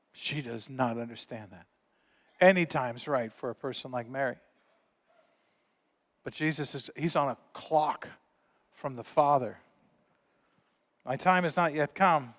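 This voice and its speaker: A middle-aged male pastor preaching a sermon in a church, telling stories with lively voice shifts for the quotes. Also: a little high, in a large hall. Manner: animated storyteller, acts out quotes with voice shifts. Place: church sanctuary.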